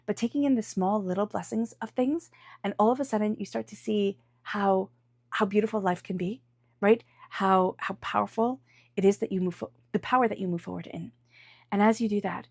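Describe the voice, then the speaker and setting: A woman's voice: medium pitch, darkish tone, no room sound, studio quality. A woman giving an intuitive tarot reading, chatty and earnest, often adding "like" and "right?". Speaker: tarot reader.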